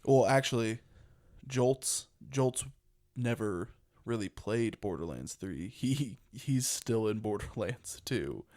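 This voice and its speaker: A man's voice: fairly low pitch, animated, slow pace, darkish tone. A young man co-hosting a casual podcast, talking in a rambling, chatty way and laughing often. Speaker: podcast co-host.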